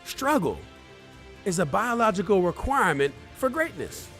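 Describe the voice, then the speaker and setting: A man's voice: sits high, big pitch swings, normal speed, a bit bright, faint music behind. A man giving a live motivational talk, emphatic and repeating his key phrases as he speaks straight to viewers. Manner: addresses viewers directly.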